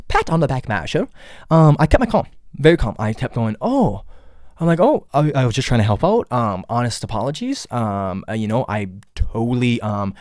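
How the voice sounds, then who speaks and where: A man's voice: mid-range voice, darkish tone, no echo, studio quality. Rambling man hosting a solo podcast. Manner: rambling, repeats words, many fillers; acts out quoted dialogue in a raised voice. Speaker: podcast host. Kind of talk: casual solo podcast monologue.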